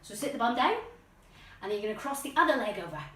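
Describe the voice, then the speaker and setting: Woman, kids' yoga teacher, bright high voice, playful and encouraging, echoey room, set back from the mic. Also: big pitch swings, fast talker, distant mic. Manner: playful, encouraging, with silly animal noises. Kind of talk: guided kids' yoga lesson. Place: room at home with plants.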